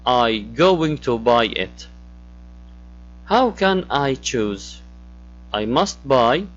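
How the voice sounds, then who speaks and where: Slow-speaking man teaching English grammar. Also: medium pitch, very animated, a bit bright, muffled recording. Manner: explains step by step, switches to Arabic glosses, asks questions. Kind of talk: classroom grammar lesson.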